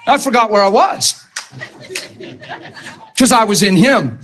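A man preaching a sermon, telling a personal story with excited, emphatic delivery and frequent stammered restarts. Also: sits high, moderate pace, pauses often, rough recording.

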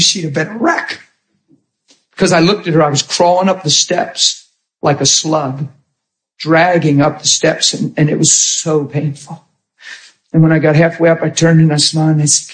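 Animated male preacher with a higher voice. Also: a little fast. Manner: animated storytelling, swinging from hushed to emphatic. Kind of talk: sermon with personal testimony.

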